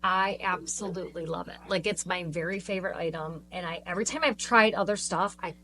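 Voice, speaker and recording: Bright-voiced woman chatting emphatically. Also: on the low side, fairly quick, slight background noise, low-quality recording. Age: middle-aged. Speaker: podcast co-host. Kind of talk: casual chat.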